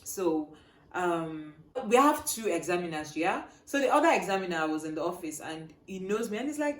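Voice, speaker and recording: A young woman telling a personal story to her viewers, shifting between hushed and loud, animated delivery. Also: fairly low pitch, normal speed, roomy sound. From Nigeria. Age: young adult. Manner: animated, swings from quiet to loud. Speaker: vlogger.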